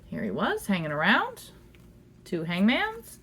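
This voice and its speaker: A woman's voice: medium pitch, huge pitch swings, a little slow, bright, forceful tone. A woman giving a casual tarot reading at home, chatty and giggly, talking fondly to the cards. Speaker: tarot reader. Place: indoors at home.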